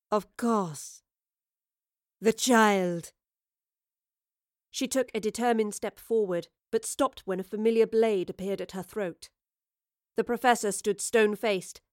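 A woman narrating a fantasy audiobook in a steady, expressive storytelling voice. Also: on the high side, no echo, clean studio sound. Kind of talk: scripted narration.

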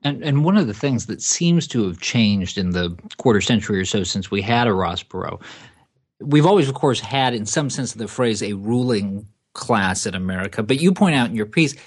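A man hosting an interview, asking measured questions and reading out quotes. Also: lowish voice, lively intonation, husky. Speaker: interviewer, host.

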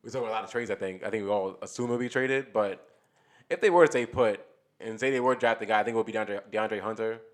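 A man with a fairly low voice talks sports on a podcast in a loose, rambling way. He restarts sentences and works his ideas out aloud as he goes. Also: quick pace. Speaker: podcast co-host. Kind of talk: casual sports talk.

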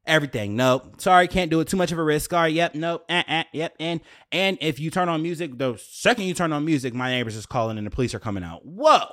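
A man's voice: a little high, fast, few pauses, a bit bright. A young man telling a story to his viewers in a casual, profane rant, full of fillers and repeated rhetorical questions.

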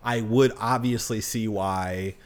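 A man's voice: on the low side, fairly even intonation, takes it slowly. A man co-hosting a podcast in casual chat, laid-back and joking, with lots of filler words. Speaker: podcast co-host.

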